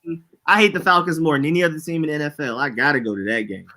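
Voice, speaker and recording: Relaxed slangy man chatting sports. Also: fairly high pitch, very fast, a loud crowd. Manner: relaxed, slangy, greets live chat viewers. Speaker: podcast co-host. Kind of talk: casual sports chat.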